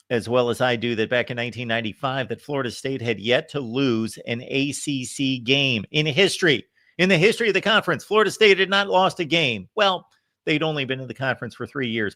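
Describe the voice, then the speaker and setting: A man's voice: medium pitch, sharp tone, dry recording, clean studio sound. A man hosting a live college football talk show, giving emphatic, opinionated commentary. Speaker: host. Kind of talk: live postgame sports talk.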